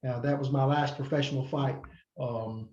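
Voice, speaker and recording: A man's voice: mid-range voice, steady tone, moderate pace, a little mellow. Rambling man in a roomy room. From North Carolina, USA. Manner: rambling, many fillers and restarts, acts out quoted people. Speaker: podcast guest, former wrestler. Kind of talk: casual interview storytelling. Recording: roomy, slightly muffled sound.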